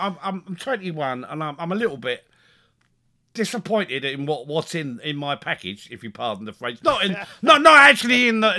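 A man telling a funny family story in a casual podcast chat, animated and chuckling, stumbling over his words as he gets excited. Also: high voice. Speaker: podcast co-host.

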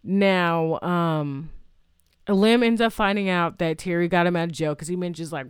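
A woman's voice: fairly low pitch, normal speed, smooth, no room sound, studio quality. A woman casually retelling a movie's plot, rambling with fillers and restarts and reacting aloud to what happens. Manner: chatty, reacts aloud to the story. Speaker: movie recap vlogger.

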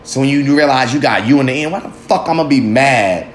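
A man's voice: mid-range voice, lively intonation, a little fast, slight background noise. A man hosting his own vlog, delivering a casual, heavily profane motivational monologue and talking emphatically to himself. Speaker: vlog host. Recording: echoey room with faint ambience.

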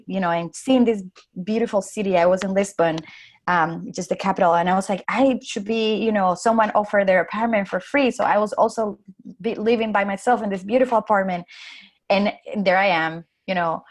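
A woman guest recounts a personal story in easy conversation. She talks with lively swings and jumps up high whenever she acts out what she once said. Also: fairly quick. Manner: animated, acts out her own past lines in a raised voice. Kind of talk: casual storytelling.

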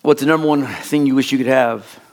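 A middle-aged man preaching a sermon as a pastor, telling a folksy, rambling childhood story in an animated way. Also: mid-range voice, a little fast.

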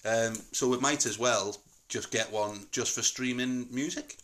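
A man's voice: medium pitch, unhurried, a bit bright. A middle-aged man with a Northern English accent, hosting a casual family chat at home in a rambling, jokey, digressive way. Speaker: podcast host.

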